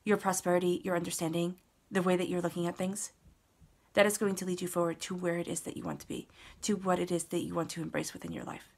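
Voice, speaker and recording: A woman with a fairly low voice gives a casual spoken tarot reading. She talks straight to her listener in an earnest way and hammers points home by repeating words. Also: quick pace, creaky. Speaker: tarot reader.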